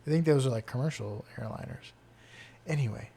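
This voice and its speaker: A man co-hosting a podcast, quizzing his co-host in casual chat with quick asides. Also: medium pitch, vocal fry, warm tone, husky.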